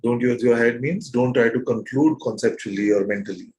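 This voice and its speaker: A man in the middle of his range leads a satsang as its teacher. He keeps coming back to one question and presses his listeners patiently. His tone stays light and playful, and now and then he laughs softly. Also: medium pitch, brisk, poor audio. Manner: probing, asks repeated questions; gentle and playful, with soft laughs. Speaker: spiritual teacher. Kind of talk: satsang teaching to a live group.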